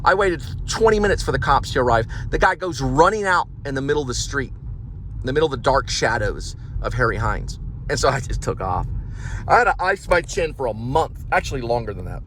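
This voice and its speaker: A man rambles in an agitated, repetitive rant, his pitch sitting in a middling range. He talks while driving, with faint road noise humming behind him. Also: lively intonation, fairly quick, fairly bright tone. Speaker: vlogger, delivery driver. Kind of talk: casual ranting monologue while driving. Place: in a car.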